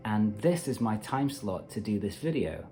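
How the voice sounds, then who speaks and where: A man hosting a meditation channel gives a casual self-help talk to camera, animated and full of playful asides. His fairly low voice has big pitch swings, a moderate pace and a dark tone, with faint music behind.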